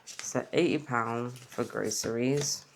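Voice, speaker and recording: Tired rambling woman with a low, gravelly voice. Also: slow, noisy background. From England. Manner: rambling, chatty, talks while counting cash. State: tired, yawning. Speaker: budgeting vlogger. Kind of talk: casual budget vlog chat.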